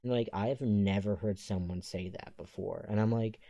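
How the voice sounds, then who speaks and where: Male voiceover creator, low voice, rambling casual chat, dry recording. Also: moderate pace, mellow, dry recording. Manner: rambling, digressive, chatty. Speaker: Sims speed-build creator.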